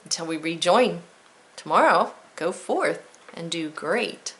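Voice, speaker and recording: Woman teacher, slightly low pitch, unhurried, spells out letters clearly. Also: lively intonation, a bit bright, slight background noise. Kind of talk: spelling lesson.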